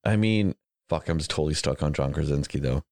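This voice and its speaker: A man hosting a podcast, chatting casually in an animated, rambling way with frequent swearing. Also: a bass voice, brisk, no echo, clean studio sound. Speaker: podcast host. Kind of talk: casual chat.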